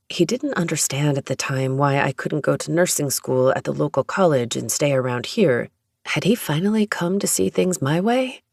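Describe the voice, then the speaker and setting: An audiobook narrator reading a first-person romance story in a steady, even storytelling manner. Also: mid-range voice, vocal fry, no room sound, studio quality.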